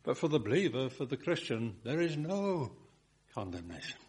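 A man delivers a sermon from the pulpit in a slightly husky voice, rhythmic and earnest, with a sing-song quality at a moderate pace. He builds into emphatic lines before sinking low and soft on individual words.

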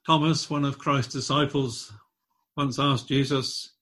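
Male preacher, mid-pitched, slow and emphatic, hammering home repeated lines. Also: fairly even intonation, a bit bright. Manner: slow, emphatic and repetitive, rising in pitch and force on key phrases. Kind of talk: sermon.

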